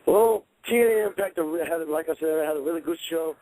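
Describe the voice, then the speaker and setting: A man's voice: on the high side, a little fast, a little mellow, poor audio. A man giving an upbeat rating of a wrestling show as a guest on a talk radio program. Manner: enthusiastic, fillers like "you know". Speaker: guest panelist. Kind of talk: casual wrestling review on radio.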